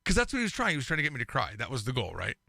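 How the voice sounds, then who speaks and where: Animated, gravelly male podcast co-host. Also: medium pitch, racing, no echo, studio quality. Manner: animated storyteller, acts out quoted lines. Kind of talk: casual chat.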